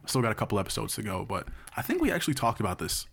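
A man's voice: fairly low pitch, huge pitch swings, racing, creaky, fairly bright tone, a little hiss or hum. A man co-hosting a podcast in casual chat, telling a story at length and checking in with "right?". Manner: rambling storyteller, tags lines with "right?". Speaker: podcast co-host.

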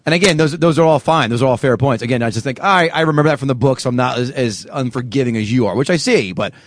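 A man's voice: medium pitch, fast talker, dry recording. Easygoing male podcast co-host, conciliatory, casual swearer, dry close sound. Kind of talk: casual movie-review chat.

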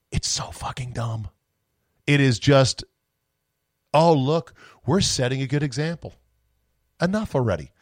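A man's voice: medium pitch, dry recording. Sarcastic male podcast host, dry sound. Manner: sarcastic, exasperated, profane ranting. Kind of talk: opinionated solo podcast monologue.

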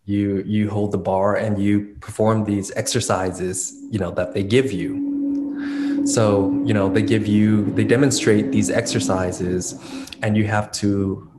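Man, dance choreographer, low voice, reflective, fillers and restarts, faint background noise. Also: flat delivery, measured pace, a little mellow. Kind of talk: casual interview storytelling.

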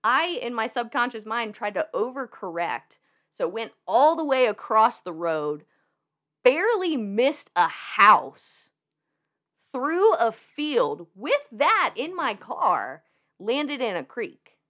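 Young woman on a podcast, chatty, lively up-and-down voice, laughs a lot, says like constantly. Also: on the high side, slow pace. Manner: animated, laughing, lots of fillers. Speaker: podcast guest. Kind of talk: casual storytelling.

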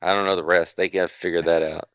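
A man co-hosting a casual podcast, with a bright, forward tone. He teases the others and jokes with a profane edge. His audio is dry and a little muffled. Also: sits low, little pitch movement, fast, smooth, no echo. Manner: teasing, joking, profane. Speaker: podcast co-host.

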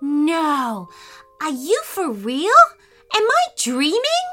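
A woman voicing an excited, wide-eyed eight-year-old boy in a storybook reading, with high, breathless exclamations. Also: takes it slowly, soft background music, heavily acted. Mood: amazed.

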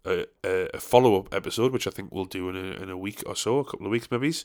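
A man's voice: sits low, quick pace, darkish tone. A young man hosting a solo podcast, rambling casually with crude, self-mocking jokes. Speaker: podcast host.

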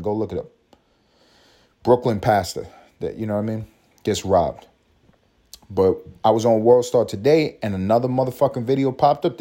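A man's voice: lowish voice, warm tone. A man hosting a podcast, ranting in a profane, mocking, storytelling way. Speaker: podcast host. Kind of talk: profane comedic rant.

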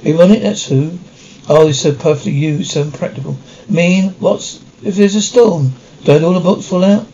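An actor playing a character in a period TV comedy, teasing and mocking in scripted banter. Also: male voice, fairly high pitch, moderate pace, warm tone, slight background noise, close to an everyday voice. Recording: dull, muffled TV soundtrack.

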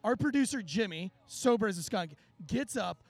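A man hosting a podcast in casual chat, an animated storyteller who swears freely. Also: high-pitched, normal speed, vocal fry, no echo. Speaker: podcast host.

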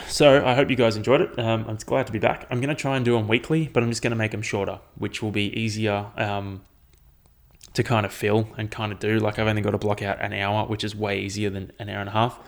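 A man's voice: lowish voice, gravelly. A young Australian man hosting a solo podcast, telling rambling stories and swearing constantly. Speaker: podcast host. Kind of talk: casual solo podcast monologue.

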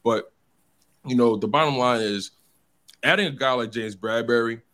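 A man co-hosting a sports talk show, animated and repeating words as he builds his points. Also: medium pitch, normal speed. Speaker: fill-in sports radio co-host.

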